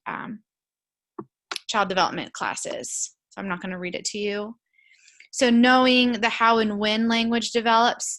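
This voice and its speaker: A woman's voice: mid-range voice, bright, forceful tone. A young woman teaching a recorded college lecture, casual and chatty with frequent fillers, speaking into a computer mic. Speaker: college instructor. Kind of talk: recorded lecture with shared screen.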